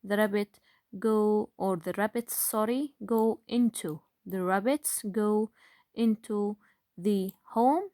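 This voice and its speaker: Woman teacher, very slow and patient, lots of fillers, dry close sound. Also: mid-range voice, warm tone, no echo. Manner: slow, patient, with frequent fillers and rhetorical questions. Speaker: grade one teacher. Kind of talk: online phonics lesson.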